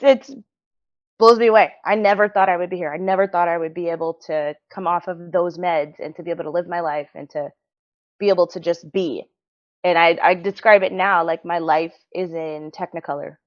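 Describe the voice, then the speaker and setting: A woman's voice: on the low side, fairly even intonation, normal speed. A woman guest on a podcast, sharing a personal story in an earnest, heartfelt, reflective way. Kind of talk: personal story in casual interview. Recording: dull lo-fi sound.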